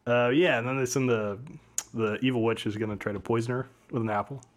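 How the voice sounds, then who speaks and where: A man's voice: medium pitch, fairly even intonation, fast. A man casually chatting about a film, laughing often and adding short reactions. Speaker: podcast co-host. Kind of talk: casual movie discussion.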